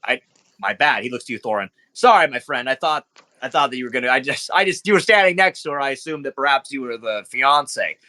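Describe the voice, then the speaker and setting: A man's voice: medium pitch, expressive, a little fast, sharp tone. A man voicing a flamboyant male club owner who plays the showy host with nervous undertones.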